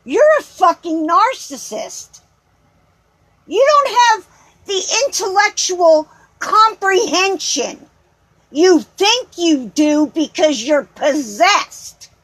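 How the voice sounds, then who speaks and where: A woman's voice: very high voice, big pitch swings, slow, fairly bright tone, no room sound, rough recording. A woman vlogger in an angry rant, combative, sarcastic and swearing as she reads out and answers comments.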